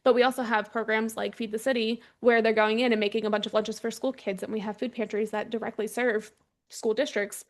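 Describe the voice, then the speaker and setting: A young adult woman from Texas speaks as a candidate in a relaxed interview. Her voice sits a little high, and she talks in a chatty way, often pausing on "um" and restarting her sentences. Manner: chatty, frequent ums and restarts. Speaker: congressional candidate. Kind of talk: casual interview conversation.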